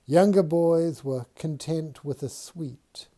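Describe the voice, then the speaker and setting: A man reading a novel aloud in a measured, unhurried storytelling manner. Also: fairly high pitch, warm tone. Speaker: audiobook reader.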